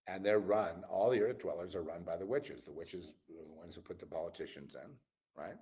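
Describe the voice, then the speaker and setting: A weary, exasperated channel host muses aloud in a low, husky voice with a dark tone, speaking fairly quickly. His rambling spiritual and political monologue meanders, often dropping into low mutters and whispers.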